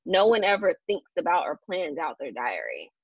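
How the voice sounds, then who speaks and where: A young woman chats on her podcast with a husky, low voice that rises and falls in lively swings. She rambles loosely, full of fillers and restarts. The dull, lo-fi sound is dry, with no room around it. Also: moderate pace, no room sound. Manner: rambling, many fillers and restarts, laughs often. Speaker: podcast host. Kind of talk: casual chat.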